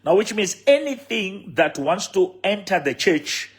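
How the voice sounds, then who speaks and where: A man's voice: high-pitched, big pitch swings, unhurried, breathy edge. A man with a Sesotho accent preaching a sermon as a bishop, repeating key phrases with emphasis.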